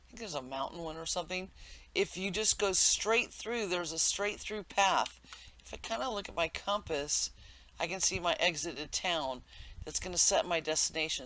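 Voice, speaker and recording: A man talks through his gameplay in a loose, meandering way, piling on fillers and correcting himself as he goes. His voice sits a little high, with a bright, forceful edge. He sounds like he is at a desk mic, explaining things to viewers. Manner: rambling, many fillers and self-corrections. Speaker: game tutorial narrator. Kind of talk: casual gameplay commentary.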